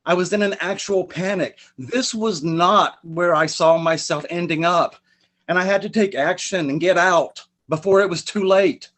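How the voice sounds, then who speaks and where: Spoken word guy, kinda high voice, dramatic and emphatic. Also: normal speed, fairly bright tone. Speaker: poet and spoken word artist.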